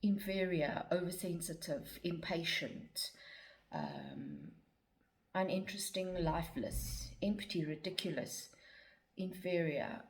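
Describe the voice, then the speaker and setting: A woman's voice: lowish voice, very animated, slow pace. A woman talking casually about shadow work, reading a long list of words aloud with many ums and some words half-whispered. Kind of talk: casual talk to camera about personal growth.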